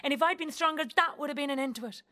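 A woman's voice: high-pitched, racing, pushed and bright. An actress with an Irish accent performing a theatrical monologue as a young Irish woman who speaks in an earthy, wry and blunt way and swears freely.

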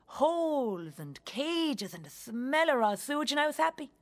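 A woman's voice: sits high, sing-song, moderate pace. An actress with an Irish accent performing a theatrical monologue as a young Irish woman who speaks in an earthy, wry and blunt way and swears freely.

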